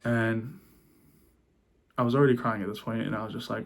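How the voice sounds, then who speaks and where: Young guy on his vlog telling a hard personal story, soft and halting, keeps restarting, choked up at times. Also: lowish voice, steady tone, gravelly. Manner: subdued and halting, with many restarts. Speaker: vlogger.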